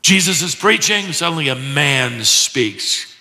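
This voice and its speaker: A man's voice: sits high, lively intonation, unhurried, pushed and bright, big-room sound. A man preaching an expository sermon in a church, emphatic and full of rhetorical questions.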